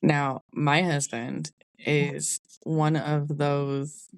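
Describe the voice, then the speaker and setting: This podcast host, a young adult woman, shares a personal story candidly and conversationally, with a Southern "y'all" here and there. She speaks in a deep voice with a level tone, drawing out her words. The sound is clear and resonant.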